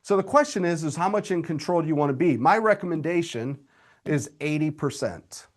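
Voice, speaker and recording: A man, coaching real estate agents in a live webinar, energetic and direct with his audience. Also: on the high side, a little fast. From Indiana, USA.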